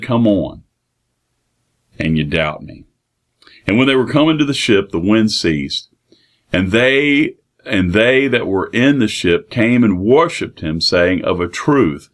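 A man delivers a radio sermon in a fairly low voice. He reads scripture in old-fashioned wording, then explains it in plain talk and often repeats phrases for emphasis. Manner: reads King James verses, then retells them plainly with repeats. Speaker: preacher.

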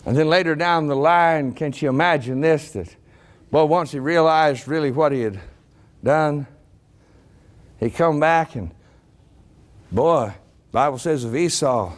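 A man preaching a sermon to a congregation, rising to shouted emphasis. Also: on the high side. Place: church congregation.

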